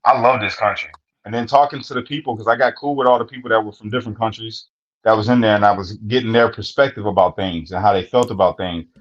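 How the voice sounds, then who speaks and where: With a fairly low pitch, fairly even intonation, and a quick pace, a man shares casual stories as a podcast co-host. He talks bluntly and profanely, in plain language. The sound is dull and lo-fi.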